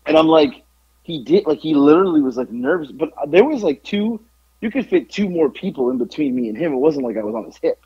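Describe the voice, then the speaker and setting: A man's voice: on the high side, lively intonation, a little fast, slightly rough, dry recording, dull audio. A man co-hosting a podcast, telling a story in a rambling, casual way full of "like" and swearing. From south side of Atlanta. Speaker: podcast co-host.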